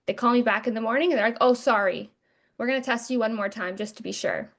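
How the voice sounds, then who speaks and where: A woman's voice: a little high, fast talker, fairly bright tone. A young woman hosting a podcast, candidly retelling a painful personal story and acting out the quotes, with casual swearing. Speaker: podcast host.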